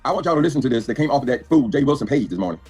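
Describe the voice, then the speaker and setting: A man's voice: mid-range voice, animated, racing, darkish tone, slightly rough, faint music behind. An older man commenting in a reaction video with a sassy, preacher-like delivery. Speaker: YouTube commentator.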